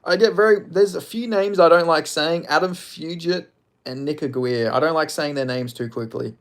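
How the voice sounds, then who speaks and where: Rambling crude young man. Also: on the high side. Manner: rambling, crude, fast-shifting, lots of fillers. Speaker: streamer. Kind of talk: casual live-stream chat.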